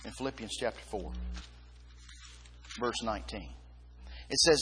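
A man preaching a sermon, reading scripture and repeating key words with emphasis, pausing between short phrases. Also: fairly low pitch, bright, forceful tone, slightly rough. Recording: long hall reverb.

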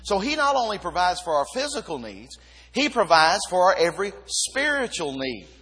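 A man preaching a sermon, reading scripture and repeating key words with emphasis, pausing between short phrases. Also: sits high, big pitch swings, fairly bright tone, husky. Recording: long hall reverb.

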